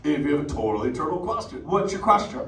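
A man's voice: a little high, very animated, fast talker, slight background noise. An actor playing a laid-back male sea turtle who talks like a drawling surfer and banters with a live audience. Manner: surfer slang, drawling and playful. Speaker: live show character chatting with the audience. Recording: echoey theater, distant mic, loud music.

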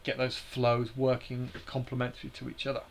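Man, gravelly voice, hesitant live stream presenter, explaining slides. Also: medium pitch, completely flat delivery, fairly quick, a little hiss or hum. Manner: hesitant, many fillers and restarts, explanatory. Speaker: bonsai teacher hosting a live stream.

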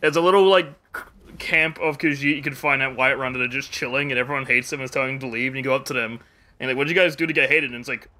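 A man's voice: mid-range voice, steady tone, racing, sharp tone. A man streaming a game live, rambling casually, swearing freely and laughing often. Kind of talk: casual gameplay chat.

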